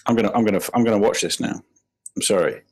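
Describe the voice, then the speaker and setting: A man's voice: on the low side, fast, poor audio. A British man as a podcast guest, teasing and sarcastic in casual banter and swearing a lot.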